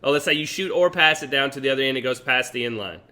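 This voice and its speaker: A man's voice: mid-range voice, quick pace, pushed and bright. A man in casual podcast chat who keeps asking questions and swears offhandedly. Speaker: podcast co-host.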